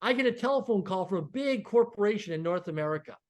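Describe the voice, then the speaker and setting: Fast-talking man telling a lively story. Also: high-pitched. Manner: animated, acts out dialogue in quotes. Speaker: podcast guest. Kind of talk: energetic storytelling.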